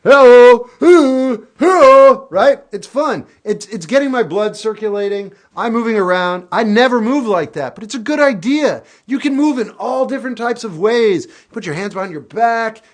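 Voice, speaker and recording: A man's voice: high voice, normal speed, hardly any pauses. A man hosting a live stream, giving casual life advice with candid reflection and sudden goofy outbursts. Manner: animated, goofy bursts of shouting.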